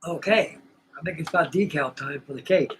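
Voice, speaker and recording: A man with a slightly raised pitch chats casually and rambles in a folksy way while hosting a model-building livestream from his workbench. A faint hiss sits under his voice. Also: brisk. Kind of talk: casual chat. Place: home workshop at his workbench.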